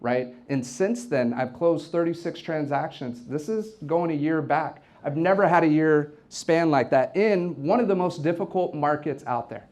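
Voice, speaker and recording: An energetic man in his forties gives a motivational speech to a live audience at an office event. His voice sits a little above the usual male pitch, and he tells stories with rising energy, often repeating a word as he pushes forward. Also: normal speed, hardly any pauses, slight background noise. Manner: energetic, storytelling, repeats words when excited. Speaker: event host and real estate team leader.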